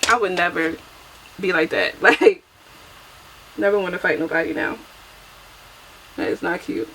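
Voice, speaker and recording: A woman's voice: fairly low pitch, lively intonation, unhurried, a bit bright, a little hiss or hum, poor audio. A young adult woman chatting casually through a get-ready-with-me makeup vlog, chatty and self-deprecating, laughing often, recorded on a camera mic at home. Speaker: beauty vlogger.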